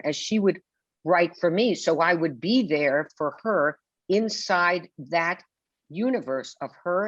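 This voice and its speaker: A woman's voice: low voice, no room sound. An older woman talking on a webinar as a guest author, telling stories theatrically and acting out the people she quotes. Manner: theatrical storyteller who acts out quotes. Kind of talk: webinar conversation. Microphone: video call. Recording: dull lo-fi video call audio.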